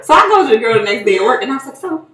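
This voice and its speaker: A lively woman from North Carolina co-hosting a podcast, swinging her pitch widely as she acts out the people in her stories. Her voice sits a little high and sounds a bit off-mic in an echoey room. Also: rapid-fire, far from the mic. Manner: animated storyteller acting out quoted voices. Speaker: podcast co-host. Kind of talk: casual chat.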